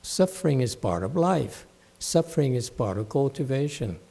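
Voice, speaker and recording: A man's voice: medium pitch, sing-song, normal speed, vocal fry, dark tone, husky. A man giving a Buddhist dharma talk at a temple, blunt and scolding, mocking his students' whining. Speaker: meditation teacher.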